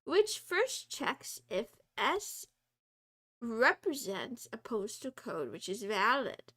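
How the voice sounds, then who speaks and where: Slow, muttering high-voiced woman. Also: very animated, sharp tone. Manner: slow and halting, muttering, half-whispered, with nervous laughs. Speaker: streamer studying coding. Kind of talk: live study stream, thinking aloud.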